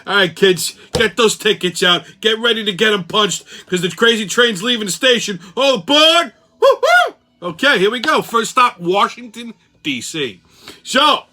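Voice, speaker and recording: Brooklyn showman voice, mocking, cursing, bright tone, man doing it. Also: sits high, exaggerated voice. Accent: put-on Brooklyn. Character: loud Brooklyn male train conductor-host.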